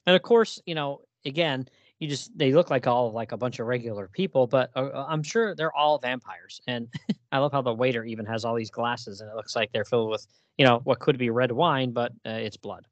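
A man talks through a comic book in a loose, easygoing way, leaning on fillers and laughing along. His voice sits at a middle pitch. The recording is dry and close. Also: a little fast, dry recording, dull audio. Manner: relaxed, many fillers, laughs often. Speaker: podcast co-host. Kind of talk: casual chat about a comic book.

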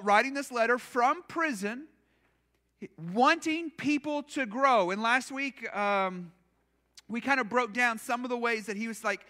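A man's voice: extremely high pitch, sharp tone. A man preaching a conversational sermon as pastor in a church, casual and self-deprecating, acting out imagined quotes.

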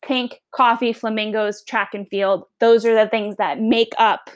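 A woman's voice: fairly high pitch, fairly even intonation, measured pace. A woman with a Long Island accent, a history teacher giving a chatty, upbeat podcast self-introduction. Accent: Long Island New York. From New York.

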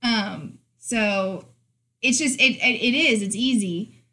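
A woman's voice: fairly high pitch, slow pace, pushed and bright. A woman in her twenties co-hosting a podcast, talking frankly and laughing often in casual chat. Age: 20s. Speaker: podcast co-host.

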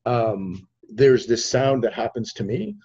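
A man hosting a podcast, telling a story with animated energy and acting out the voices in it. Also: medium pitch, measured pace, husky, dull audio. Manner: expressive, acts out voices in his anecdotes. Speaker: podcast host.

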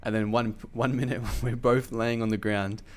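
A man telling a story in casual chat, animated and swearing freely, with lots of fillers. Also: medium pitch, moderate pace, a little hiss or hum.

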